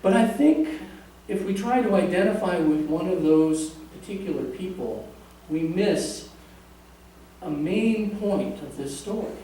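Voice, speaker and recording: Preaching in a church sanctuary, a male pastor speaks in a high-pitched, animated voice with a dark tone, a little slowly, and jokes with the congregation in a conversational way. The distant mic picks up echoey room reverb and faint hiss.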